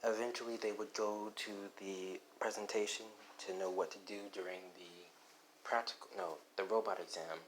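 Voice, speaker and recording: A man's voice: sits low, fairly even intonation, normal speed, rough recording. A young man casually retelling his own fan fiction at a home microphone, rambling offhandedly and cutting himself off mid-sentence. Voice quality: rambling, offhand, self-interrupting. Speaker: fan storyteller. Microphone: home microphone without headphones. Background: faint background noise.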